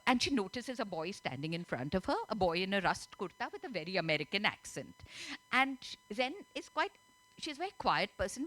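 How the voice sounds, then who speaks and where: On a festival stage, a woman author chats and laughs often while telling and reading her story at a literature festival. Her voice is medium-pitched and a bit bright.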